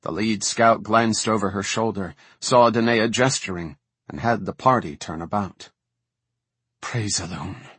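A man narrates a fantasy novel as an audiobook, keeping a measured, even storytelling pace. His voice is lowish and slightly rough, with no room sound at all.

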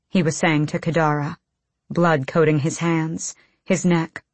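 A woman's voice: sits low, fairly even intonation, normal speed, dry recording. A woman reading an audiobook in tense, clipped bursts of phrasing. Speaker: audiobook narrator. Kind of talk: scripted audiobook narration.

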